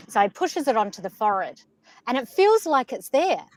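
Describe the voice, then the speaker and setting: Animated woman, fairly high voice. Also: normal speed, low-quality recording. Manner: animated storyteller, laughs easily. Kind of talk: casual spiritual chat.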